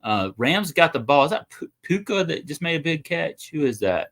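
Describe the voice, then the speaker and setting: A man's voice: fairly high pitch, very animated, normal speed, a bit bright. A young man, hosting a casual livestream and rambling to viewers. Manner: rambling, chatty, talks to viewers. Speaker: livestream host.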